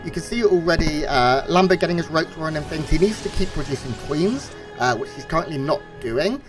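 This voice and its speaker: A man giving relaxed, analytical color commentary on a strategy game match, with frequent fillers. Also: on the high side, a little fast, music in the background. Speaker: esports co-caster.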